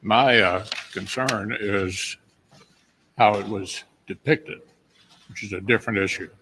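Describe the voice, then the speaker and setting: An older senator speaking slowly in halting press remarks. His voice is low and gravelly. There is a faint noise behind him. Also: sharp tone, poor audio. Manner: slow, halting statement.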